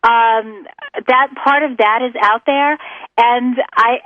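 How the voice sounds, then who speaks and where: Lively laughing woman telling stories. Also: on the high side, slow, no room sound, narrow, tinny audio. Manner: animated storyteller, laughs often, acts out quotes. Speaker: guest author. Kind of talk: casual interview chat.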